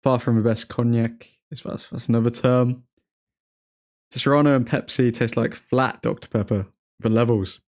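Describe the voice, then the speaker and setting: A man's voice: medium pitch, steady tone, normal speed, darkish tone. A man with an English accent casually hosting a football watchalong, chatting and reacting to viewer comments. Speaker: livestream host.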